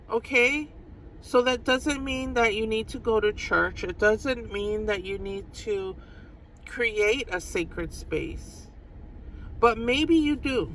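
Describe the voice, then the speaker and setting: A woman's voice: mid-range voice, a bit bright, slight background noise, low-quality recording. A woman giving a casual tarot reading to her viewers, chatty and giggly, repeating phrases for emphasis. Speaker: tarot reader.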